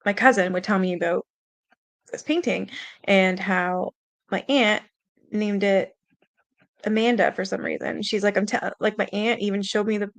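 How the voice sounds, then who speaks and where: A young adult woman hosting a stream speaks in a steady, medium-pitched voice at a moderate pace, pausing often, on a dry recording. She tells a personal ghost story in a rambling, casual way, full of fillers and mild swearing, sounding earnest and spooked.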